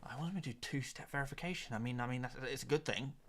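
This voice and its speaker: A man's voice: medium pitch, fast, slight background noise. A man hosting a live stream in casual, jokey chat, muttering asides as he goes. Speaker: streamer host.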